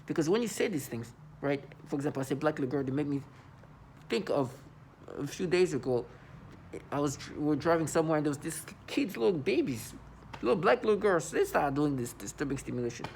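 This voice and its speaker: A man's voice: fairly high pitch, expressive, a little fast, gravelly, a little mellow, slight background noise. A man talking to the camera in an agitated monologue, often stammering and repeating words. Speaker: vlogger.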